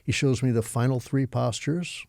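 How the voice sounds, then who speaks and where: A man's voice: mid-range voice, normal speed, gravelly, a little mellow, dry recording, studio quality. An older man from Texas, a yoga teacher and interview guest, telling his stories vividly and with animation. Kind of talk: storytelling interview.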